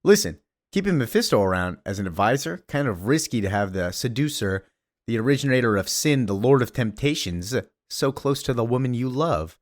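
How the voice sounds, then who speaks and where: A man's voice: mid-range voice, expressive, brisk, dry recording, clean studio sound, natural voice. A man voicing Wolverine as a sly schemer in a casual comic retelling. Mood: scheming.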